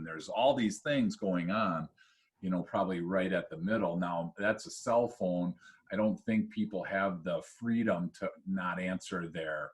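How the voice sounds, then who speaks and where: A man with a low voice hosts a podcast in a relaxed, casual way. He thinks aloud before asking his guest a question. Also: measured pace. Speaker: podcast host.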